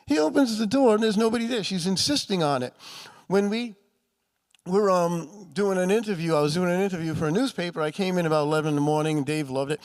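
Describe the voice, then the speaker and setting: In a festival room packed with listeners, a paranormal author and speaker tells ghost stories. His voice is high and quick, his manner chatty, and he acts out the voices of the people he quotes.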